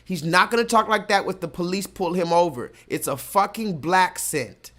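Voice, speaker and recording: A man hosting a livestream, ranting casually and reading chat comments, cursing freely and slowing down to hammer his points home. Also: high-pitched, a bit bright. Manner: profane, emphatic, slows down to stress points.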